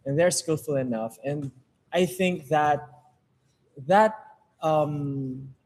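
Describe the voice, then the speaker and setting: A man's voice: on the high side, darkish tone, low-quality recording. A man with a Filipino accent, chatting earnestly on a livestream and stopping often to search for words. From Philippines. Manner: earnest, halting with many fillers. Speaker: music group member on a livestream. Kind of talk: casual chat.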